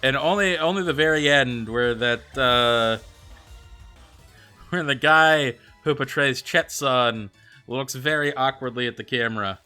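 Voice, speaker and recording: A young man streaming a game, reading out viewer comments and answering them in a chatty, animated way. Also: mid-range voice, smooth. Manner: chatty, animated, answers chat with quick excited reactions. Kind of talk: casual livestream chat reading viewer comments. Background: faint background music.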